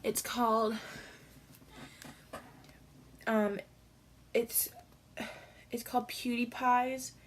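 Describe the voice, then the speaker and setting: A woman's voice: a little high, flat delivery, takes it slowly. Teary young woman rambling on her vlog. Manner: rambling, filler-heavy storytelling. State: teary after crying. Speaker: vlogger. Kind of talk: casual vlog chat.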